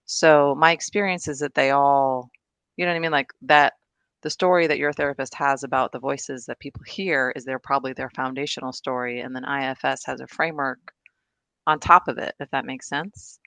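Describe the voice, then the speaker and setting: A woman's voice: very deep voice, steady tone, brisk, fairly bright tone, no echo. Chatty woman presenter on a video call. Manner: enthusiastic, chatty, laughs often. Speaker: guest presenter. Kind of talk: casual discussion on a video call.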